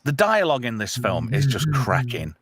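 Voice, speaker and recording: Animated man chatting about films. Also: medium pitch, moderate pace, breathy edge. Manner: animated, laughs often, does mock voices of characters. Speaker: podcast host. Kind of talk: casual movie chat.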